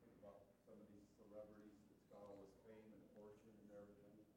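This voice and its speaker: A man's voice: lowish voice, monotone, fast, warm tone. A man in a study group, speaking in an earnest, conversational way during a casual discussion.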